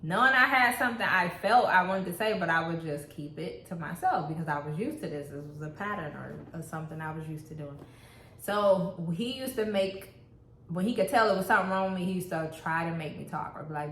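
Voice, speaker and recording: A woman speaks candidly and reflectively in a casual relationship chat, her voice sitting a little low for a woman. The room around her is echoey, with a faint hiss underneath. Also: fairly quick, pushed and bright. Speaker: co-host.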